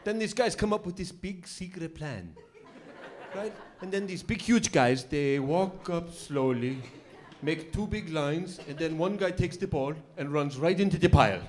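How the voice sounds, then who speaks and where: A man's voice: fairly high pitch, a little slow, a crowd in the background, natural voice. A man doing a stubborn cab driver. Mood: bewildered. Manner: broken English, short blunt phrases.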